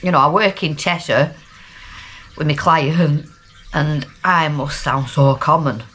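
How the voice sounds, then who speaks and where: A woman's voice: deep voice, slow pace, a bit bright. A middle-aged woman from Lancashire with a Lancashire accent, talking casually and rambling in a down-to-earth video diary. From Lancashire, England. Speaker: vlogger.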